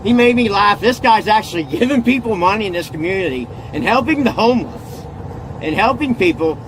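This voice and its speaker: Agitated man, high voice, rambling self-filmed rant with light background hiss. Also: animated, brisk. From Indiana. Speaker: arrested man ranting on video.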